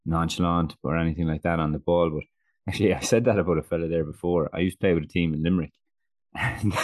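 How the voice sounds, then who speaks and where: A man's voice: extremely low pitch, a little mellow, no room sound, clean studio sound. A man with an Irish accent, co-hosting a casual rugby podcast and telling stories with frequent laughs and casual swearing. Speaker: podcast co-host. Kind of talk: casual chat.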